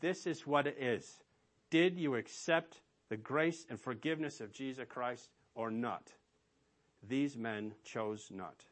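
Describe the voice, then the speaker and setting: A man's voice: mid-range voice, slow pace. A man preaching a sermon as pastor, emphatic and asking rhetorical questions of his listeners.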